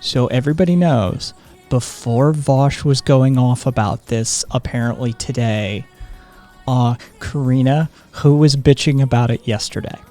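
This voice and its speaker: A live stream host chatting casually and reading viewer comments in a soft, sedated way, with frequent ums and laughs. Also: mid-range voice, a little slow, soft background music.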